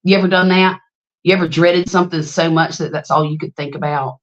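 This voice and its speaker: A woman in her late fifties hosts a relaxed livestream chat, telling long stories and calling out viewers by name. Her voice sits a little low for a woman. The stream audio is slightly muffled and lo-fi. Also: fairly quick. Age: 50s. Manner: chatty and storytelling, greets viewers by name, laughs often. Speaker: livestream host.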